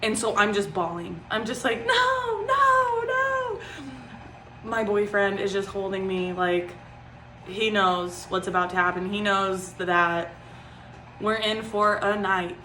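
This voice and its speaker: Bright-voiced young woman telling a story. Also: medium pitch, level tone, measured pace, a little hiss or hum. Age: 20s. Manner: chatty, frequent "like" and "um" fillers. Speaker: vlogger. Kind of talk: casual personal storytelling. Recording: roomy echo.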